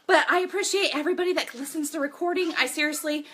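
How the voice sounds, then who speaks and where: A woman's voice: sits high, very fast, bright, forceful tone. A woman in her thirties running a live online training from her home office as a business coach, chatty and upbeat, talking straight to her viewers. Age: 30s.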